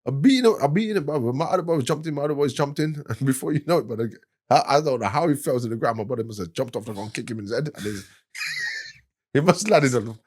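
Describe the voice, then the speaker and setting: A man's voice: medium pitch, fast, breathy edge. A man with a London accent telling a wild story from his past as a podcast guest, in loose street slang and laughing as he goes. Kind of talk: casual storytelling.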